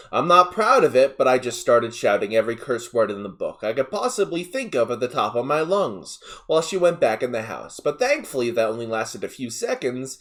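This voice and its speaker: A man narrating an online story aloud, with animated storytelling and casual asides. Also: mid-range voice.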